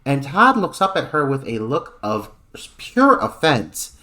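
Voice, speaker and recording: A man's voice: medium pitch, wildly swooping pitch, a little slow, sharp tone. Podcast guy, sarcastic, swears, voice goes way up and down. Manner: sarcastic and wry, swears freely. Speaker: podcast co-host. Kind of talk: casual film discussion.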